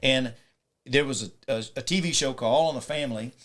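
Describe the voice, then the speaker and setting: A man chats as a podcast guest, giving an animated retelling of scenes from a film. His voice sits at an ordinary medium pitch. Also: fast talker. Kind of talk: casual storytelling chat.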